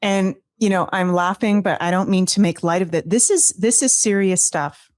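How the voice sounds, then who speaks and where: A woman co-host chatting casually in an animated, incredulous tone, her voice sitting a little low. The sound is dry and close, with no room around it. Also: normal speed, dry recording. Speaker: podcast co-host. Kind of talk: casual chat.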